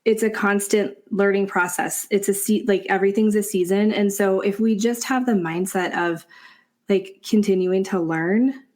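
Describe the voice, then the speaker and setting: A woman's voice: medium pitch, fairly even intonation, moderate pace, a little mellow. A woman in her forties co-hosting a podcast, upbeat and reflective, often agreeing with her guests. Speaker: podcast co-host. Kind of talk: casual podcast chat.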